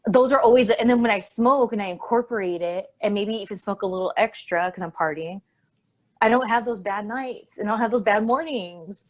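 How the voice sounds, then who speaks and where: A woman's voice: medium pitch, a little fast. A woman co-hosting a casual podcast, chatting in a rambling way and laughing often. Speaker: co-host.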